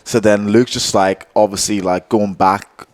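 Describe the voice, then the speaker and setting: A man's voice: lowish voice, fairly even intonation, a little slow, darkish tone. A young man co-hosting a podcast, telling a story in a laid-back way and laughing often as he goes. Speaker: podcast co-host. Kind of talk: casual chat.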